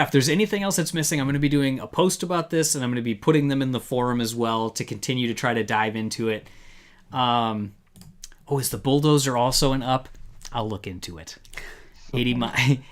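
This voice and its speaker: Male host, mid pitch, rambling and upbeat, filler-heavy casual chat. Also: brisk. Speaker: podcast host. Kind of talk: casual live review chat.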